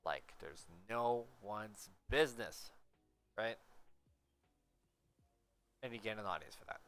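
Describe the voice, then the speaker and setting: Rambling man with a bright tone. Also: mid-range voice. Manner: rambling, rhetorical "right?" asides, swears. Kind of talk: casual monologue.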